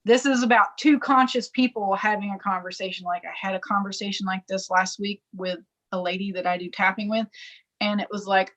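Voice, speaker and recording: A woman's voice: medium pitch, steady tone, a little fast, fairly bright tone. A woman co-hosting a spiritual podcast in casual chat, acting out quoted inner dialogue and laughing often. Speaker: podcast co-host. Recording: dull lo-fi podcast audio.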